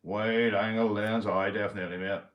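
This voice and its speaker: A livestream host from Belfast, Northern Ireland, greets viewers in the chat in a casual, rambling way, swearing a lot and constantly saying "mate" and "big up." His voice is lowish with little pitch movement and a moderate pace. The sound is roomy and dull.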